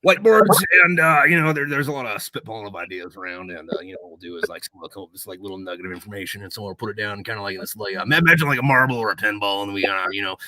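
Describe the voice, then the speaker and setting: A man, a guest telling stories with profane, deadpan joking rants. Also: fairly low pitch, rapid-fire, few pauses, no room sound. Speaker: guest, veteran and video creator. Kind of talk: casual chat.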